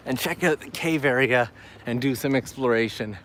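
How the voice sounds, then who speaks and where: A man's voice: medium pitch, moderate pace, fairly bright tone. A man hosting a travel live stream outdoors, chatting enthusiastically with viewers while walking and reading their messages aloud. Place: outdoors on a seaside island path.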